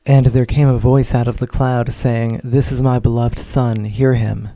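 A man reading Bible passages aloud in a steady, formal manner during a sermon. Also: medium pitch, a little slow, dry recording. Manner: steady, formal reading of old-style verse. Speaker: scripture reader.

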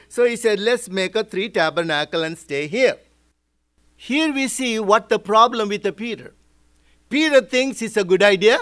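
A man's voice: sits high, a bit bright. A man preaching as a pastor, explaining Bible verses step by step and asking rhetorical questions. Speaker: pastor teaching a Bible study. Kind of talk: sermon.

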